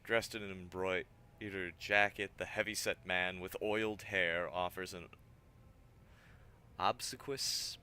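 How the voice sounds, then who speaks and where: Deep guy reading game lines out loud, bright edgy tone, trips on words. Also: fairly even intonation, takes it slowly, clean tone. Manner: stumbles over words, adds asides. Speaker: streamer reading game dialogue. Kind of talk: reading game text aloud with character voices.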